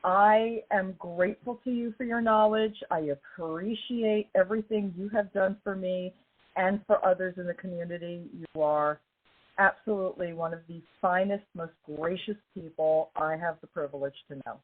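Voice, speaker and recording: A woman hosts a casual podcast chat, her voice slightly hoarse as she recovers from illness. She talks effusively and presses her points home. The sound is narrow and phone-like, as if over a call line. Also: lowish voice, steady tone, normal speed. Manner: warm, effusive, emphatic. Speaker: podcast host.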